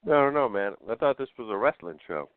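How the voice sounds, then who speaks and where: A man's voice: mid-range voice, lively intonation, fast, clear, resonant tone, no room sound. A man calling in to a radio show, earnest and laid-back, leaning on lots of "you know". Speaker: caller. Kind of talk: phone-in call. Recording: dry phone line.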